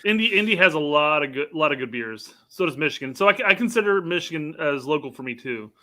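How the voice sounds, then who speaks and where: Bright-voiced, joking man. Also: fairly high pitch, animated, fast. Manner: joking, wry asides. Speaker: podcast co-host. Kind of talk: casual chat.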